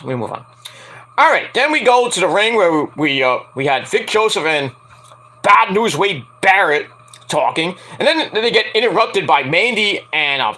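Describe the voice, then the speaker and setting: A young man chats loosely through a wrestling review, cursing freely and breaking into high put-on voices when he quotes people. His voice is bright and forceful, and his pitch leaps up and down with a lively swing. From Antiguan and Jamaican family. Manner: rambling, profane, acts out quotes in high voices. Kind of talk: casual solo review chat.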